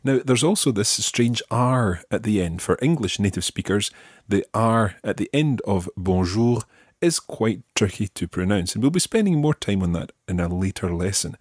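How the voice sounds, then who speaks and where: A man with a Scottish accent teaching a podcast language lesson, patiently modelling words slowly and carefully. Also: fairly low pitch, expressive, breathy edge, no echo, studio quality. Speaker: French teacher.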